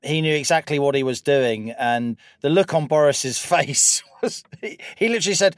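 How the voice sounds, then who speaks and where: A man's voice: a little high, lively intonation, moderate pace, no echo, clean studio sound. A British man co-hosting a political podcast, delivering a wry, rhetorical opening and then chatting. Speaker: podcast co-host.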